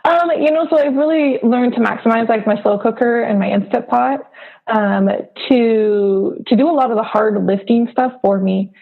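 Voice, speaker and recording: A woman from Hawaii in her thirties chats as a podcast guest, loose and filler-heavy. Her voice is gravelly and a bit husky. She comes through a narrow, phone-like remote line. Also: a little high. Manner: chatty, filler-heavy, quick to laugh. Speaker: podcast guest, food blogger. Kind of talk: casual interview chat.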